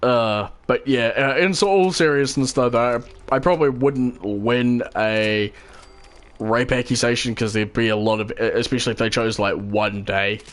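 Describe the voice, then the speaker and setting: Speaking at normal speed in a medium-pitched voice, a New Zealand vlogger rambles casually to his audience. His talk meanders, packed with filler, "you know," and restarts, and he swoops into silly voices when telling stories.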